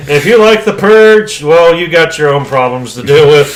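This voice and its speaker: A man's voice: on the high side, slow, slight background noise. A man co-hosting a podcast, chatting casually and opinionatedly about an old movie, swearing freely. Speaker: podcast co-host.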